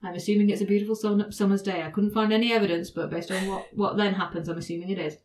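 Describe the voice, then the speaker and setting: A woman's voice: mid-range voice, steady tone, fast talker, a little mellow, slight background noise. A woman hosting a podcast, chatting casually and laughing often as she explains legal cases. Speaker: podcast host.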